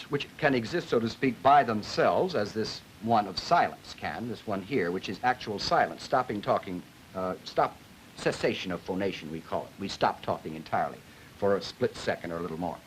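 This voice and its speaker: A man's voice: fairly low pitch, animated, normal speed, rough recording. A man lecturing on linguistics and demonstrating vocal sounds as he explains them. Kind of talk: classroom lecture with spoken demonstrations. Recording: old film soundtrack with faint hiss.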